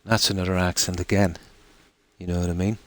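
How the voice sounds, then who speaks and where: A deep-voiced Irishman talks fairly quickly and flatly to his stream audience while gaming, over a little hiss or hum. He meanders casually, often restarting and filling gaps with ums.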